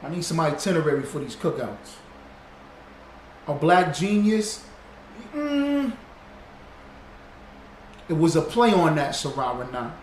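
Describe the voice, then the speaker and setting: High-voiced man in an echoey room. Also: very animated, unhurried, long pauses. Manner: loose and repetitive, greets viewers by name, presses points home. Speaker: livestream host reading viewer comments. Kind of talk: casual teaching talk on a livestream. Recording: roomy echo with faint background noise.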